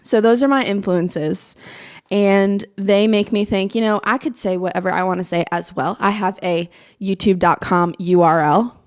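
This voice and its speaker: A woman's voice: mid-range voice, moderate pace. A woman in her twenties, a college student from Maryland, talking to the camera in a casual, self-mocking chat with a slight put-on Southern twang and frequent laughs. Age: 20s. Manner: chatty and animated, self-mocking, laughs often. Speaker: vlogger. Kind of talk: casual stream-of-consciousness chat.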